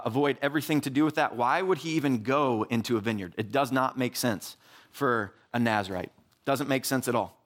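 A young man giving a casual, animated sermon, full of "like" and asides. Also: mid-range voice. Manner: animated, filler-heavy, says "like" often.

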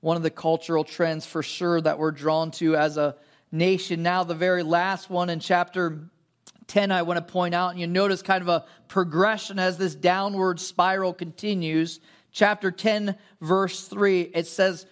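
A pastor whose voice sits high preaches at a moderate pace. The sermon feels like conversation, with storytelling, fillers, and frequent rhetorical questions.

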